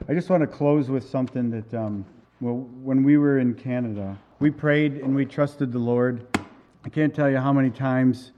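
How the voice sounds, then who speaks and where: Male pastor, mid-pitched, storytelling sermon, slightly muffled recording. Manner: conversational storytelling, acts out dialogue. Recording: dull lo-fi recording.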